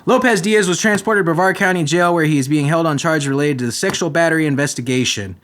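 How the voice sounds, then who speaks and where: A man's voice: fairly high pitch, fast, fairly bright tone. A young man hosting a comedy podcast, reading news stories aloud and breaking into crude, mocking rants. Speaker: podcast host.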